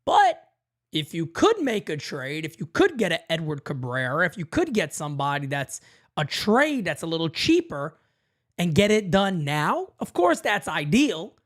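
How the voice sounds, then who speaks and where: A man hosts a casual fan talk show and answers callers one after another. His voice rises and falls a lot. He talks in an animated, repetitive way full of slang. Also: on the high side, normal speed. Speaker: host taking fan calls.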